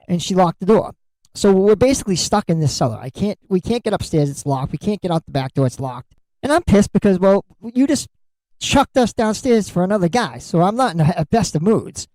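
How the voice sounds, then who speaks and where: Blunt mellow-voiced man hosting a podcast. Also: high voice, lively intonation, fairly quick, dry recording, poor audio. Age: middle-aged. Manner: blunt, candid, swears freely. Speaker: podcast host. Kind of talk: solo podcast monologue.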